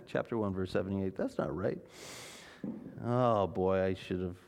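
A man, preaching a sermon as a pastor in a conversational way, with fillers and dramatic pauses. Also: sits low, creaky, darkish tone.

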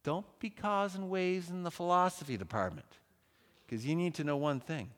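A man acting out a calm older male professor who gives wry, soothing advice. He is recorded in a reverberant hall. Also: a little high, normal speed, pitched above the performer's own voice, natural voice.

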